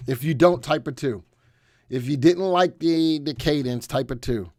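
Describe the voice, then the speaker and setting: A man's voice: a little high, measured pace, darkish tone, no room sound, studio quality. Upbeat middle-aged man hosting a live stream. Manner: upbeat and joking, chatting with viewers. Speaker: stock analysis live stream host. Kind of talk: casual live stream talk.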